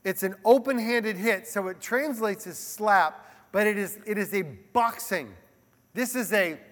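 High-voiced man preaching in a reverberant hall. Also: unhurried. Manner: animated, conversational preaching with asides. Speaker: pastor. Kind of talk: sermon.

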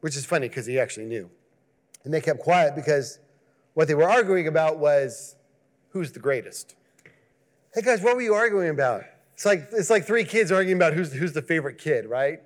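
A man's voice: on the high side, moderate pace, long reverb tail. A man preaching a conversational sermon, acting out voices and asking the listeners questions. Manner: conversational, animated, acts out quoted voices. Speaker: pastor.

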